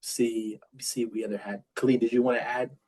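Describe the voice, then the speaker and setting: A man's voice: mid-range voice, little pitch movement, fast, darkish tone, slightly rough. A man who stutters, moderating a webinar in a casual panel discussion over a video call, often saying "like" and "man". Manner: stutters, with repeated sounds, says "man" and "like" often.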